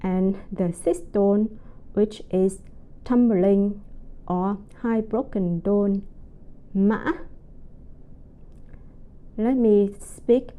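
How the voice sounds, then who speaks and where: A woman teaching a pronunciation lesson, speaking slowly and carefully and drawing out her example syllables. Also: mid-range voice, warm tone. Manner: slow, careful enunciation with drawn-out example syllables. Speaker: language teacher. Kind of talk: slow, deliberate pronunciation lesson.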